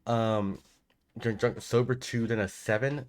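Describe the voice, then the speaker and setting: A man's voice: mid-range voice, slow. A man hosting a streamed social deduction game as storyteller, chatting casually and laughing easily. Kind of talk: casual game-night chat.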